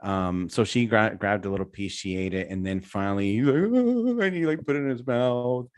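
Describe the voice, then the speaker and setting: A man's voice: on the low side, a little fast, clean tone, dry recording. A man in his thirties, a podcast co-host, animatedly telling a family story in casual chat. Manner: animated storyteller, mimics a child's squeals.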